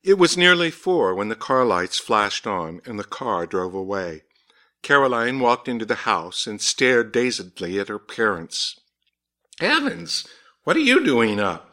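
Bright-voiced man reading a story aloud. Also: animated, unhurried. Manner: lifts his voice higher for the characters' lines. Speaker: narrator.

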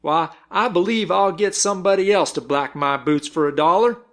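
Slow-spoken cowpuncher, read by a man, grave, dry humor, fairly high voice. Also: fairly bright tone.

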